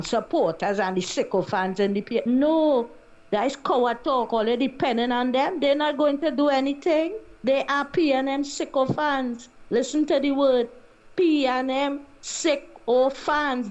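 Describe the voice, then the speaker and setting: A woman's voice: medium pitch, lo-fi sound. A woman calling in with a Trinidadian accent, urging listeners in a fiery, repetitive rant. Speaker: caller. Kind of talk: call-in political rant.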